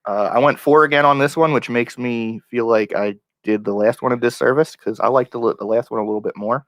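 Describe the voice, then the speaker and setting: A man's voice: medium pitch, steady tone, fairly quick, fairly bright tone, no echo. A man co-hosting a podcast, joking and enthusiastic in casual chat. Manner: jokey, enthusiastic.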